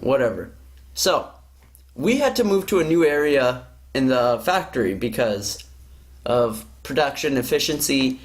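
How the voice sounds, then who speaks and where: A man's voice: medium pitch, sing-song, unhurried. Profane man telling a story. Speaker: podcast host. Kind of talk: casual chat.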